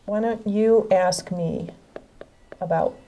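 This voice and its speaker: Woman tutor from Illinois, warm mellow voice, patient and encouraging in a one-on-one English lesson. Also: mid-range voice, takes it slowly. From Illinois, USA. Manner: patient, encouraging, explains step by step. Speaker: adult literacy tutor.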